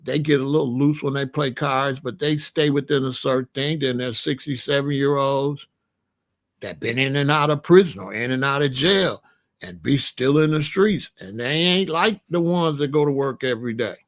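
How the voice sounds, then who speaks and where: A man in his sixties telling stories in a casual, animated way, full of street slang and "you know what I'm saying.". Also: medium pitch, moderate pace. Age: 60s. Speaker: channel host. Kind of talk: casual storytelling monologue.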